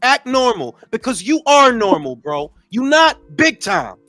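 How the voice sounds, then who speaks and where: Loud high-voiced man ranting about boxing. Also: big pitch swings, a little slow, no room sound, faint music behind. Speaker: podcast co-host. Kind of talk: casual boxing chat.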